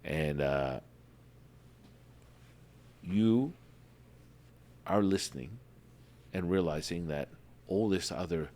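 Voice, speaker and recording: Super deep voiced guy on a podcast, playful, animated, keeps saying baby. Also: slow, long pauses. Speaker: podcast host. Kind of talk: casual spiritual podcast talk.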